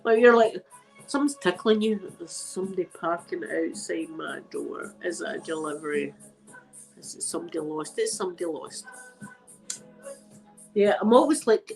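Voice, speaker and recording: A woman's voice: medium pitch, poor audio. Chatty Scottish woman with a blocked nose. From Scotland. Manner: chatty, rambling, swears casually, laughs often. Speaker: ASMR channel host. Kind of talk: casual livestream chat, answering viewers. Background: faint music playing.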